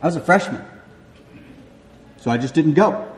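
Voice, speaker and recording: Young Southern preacher, storytelling sermon, self-deprecating, slightly high voice, roomy church echo. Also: male voice, normal speed, slight background noise. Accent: Southern American. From Southern United States. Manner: animated storyteller, self-mocking, acts out voices. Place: church sanctuary. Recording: echoey hall with long reverb.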